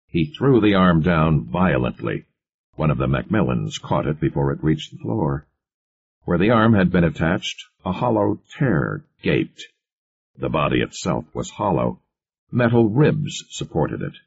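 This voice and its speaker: Very deep, husky male storyteller. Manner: steady storytelling. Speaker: audiobook narrator. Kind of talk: scripted narration. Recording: muffled lo-fi recording.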